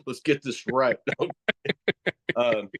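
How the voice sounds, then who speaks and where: This man speaks with a Southern accent from East Tennessee, rambling happily through a casual podcast chat. His words tumble into one another and he laughs often, in a voice of middling pitch. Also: sing-song, drawn-out words, a bit bright. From East Tennessee, USA. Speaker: guest, horror host.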